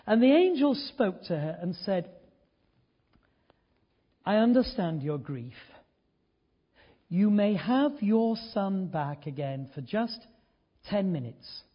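An older man preaching a sermon, telling a story earnestly, dropping to hushed tones and rising to emphatic points. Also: high-pitched, sing-song, takes it slowly, long pauses, husky, muffled recording.

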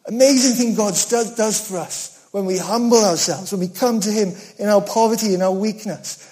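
A man delivering a sermon with a fairly high but warm, mellow voice. He keeps it earnest and conversational, with self-deprecating humor. He swings from loud emphasis down to hushed, quiet asides. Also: normal speed. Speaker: preacher.

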